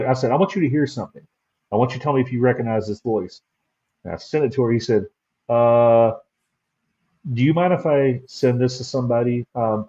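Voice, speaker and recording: A male guest who investigates the paranormal tells loose, rambling stories in a relaxed chat. His voice is mellow and a little husky. It comes through in slightly dull, lo-fi sound. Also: mid-range voice. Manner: rambling storyteller. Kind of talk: casual interview chat.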